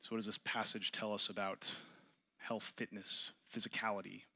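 Guy leading a bible study, reads verses then explains, gets louder on the big points. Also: level tone, normal speed, creaky. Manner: reads scripture aloud, then explains it and asks the group questions; rises in pitch and volume when stressing points.

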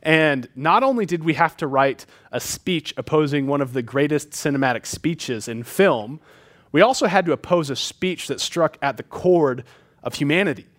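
A man delivers a sermon to a gathered audience in a relaxed, conversational way that turns emphatic at key points. His voice sits a little higher than most men's, and he often pauses on filler words. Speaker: pastor.

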